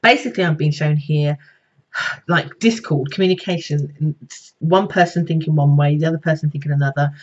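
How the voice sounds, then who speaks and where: A woman's voice: deep voice, normal speed, muffled recording. A woman psychic reader giving a casual, chatty horoscope reading that speaks straight to her viewers. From Britain. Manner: chatty, conversational, addresses viewers directly.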